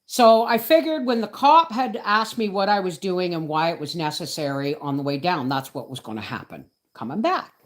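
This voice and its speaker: Indignant woman, lively pitch. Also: normal speed, few pauses. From Canada. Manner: indignant, emphatic, with frequent "right?" and "folks". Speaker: homesteading channel host. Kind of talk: storytelling livestream chat.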